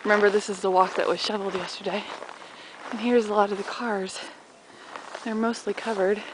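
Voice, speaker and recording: A woman vlogging while she trudges through deep snow, chatty and out of breath, narrating to her handheld camera. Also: little pitch movement, fairly quick. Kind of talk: casual walking commentary. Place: outdoors in deep snow on a street and in a park. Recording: noisy outdoor camcorder audio.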